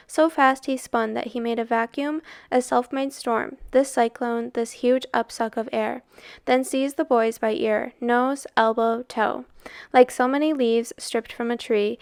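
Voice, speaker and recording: A woman reading a novel aloud in a steady, expressive storytelling way. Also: a little high, vocal fry, smooth, dry recording, clean studio sound. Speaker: reader.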